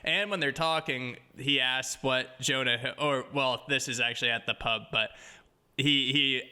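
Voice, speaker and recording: A man's voice: medium pitch, measured pace, sharp tone, clear, resonant tone. A man co-hosting a casual movie podcast, rambling through plot points with restarts. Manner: rambling, restarts phrases, laughs while telling. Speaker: podcast co-host.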